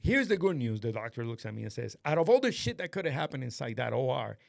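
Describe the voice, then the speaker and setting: A man host casually telling a story to a friend, animated and swearing often, acting out what others said. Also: mid-range voice, fast, creaky, no echo, clean studio sound. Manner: animated, swears a lot, acts out quoted voices. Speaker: podcast host.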